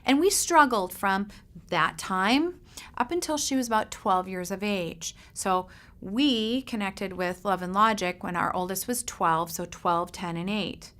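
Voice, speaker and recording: A middle-aged woman, a parent coach, telling a lively personal story to parents and acting out the voices in it. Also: a little slow. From Seattle area, United States. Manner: animated storyteller, acts out quoted voices with big pitch jumps.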